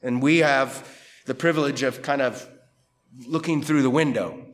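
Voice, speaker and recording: At normal speed and with a mid-range voice, a man gives expository Bible teaching, working verse by verse. His delivery is lively, emphatic and conversational, sprinkled with rhetorical questions.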